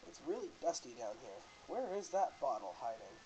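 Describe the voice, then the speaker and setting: A man's voice: medium pitch, big pitch swings, normal speed, warm tone, rough recording. Man from canada, let's play commentary, casual and joking, faint music behind. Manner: casual, joking, self-correcting. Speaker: host.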